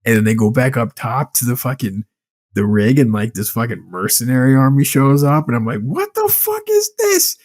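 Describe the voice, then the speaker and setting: A man's voice: medium pitch, brisk. A man co-hosting a podcast, ranting about a movie in casual chat, swearing often and telling it with incredulous energy. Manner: animated, swearing, incredulous storytelling. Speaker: podcast co-host.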